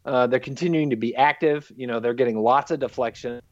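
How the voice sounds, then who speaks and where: A man's voice: mid-range voice, brisk, no echo, muffled recording. A man co-hosting a casual sports podcast, running through team stats and steering the talk. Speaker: podcast co-host leading a segment.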